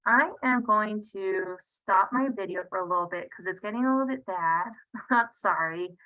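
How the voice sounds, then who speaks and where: A woman's voice: mid-range voice, moderate pace, bright, forceful tone, lo-fi sound. A woman presenting an online parenting workshop over a video call, talking casually and checking in with her listeners often. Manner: conversational, checks in with frequent "right?". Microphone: video call computer mic.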